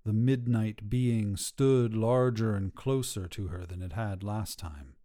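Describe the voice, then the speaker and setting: Slow, hushed male storyteller. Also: fairly low pitch. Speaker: narrator. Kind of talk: storybook narration.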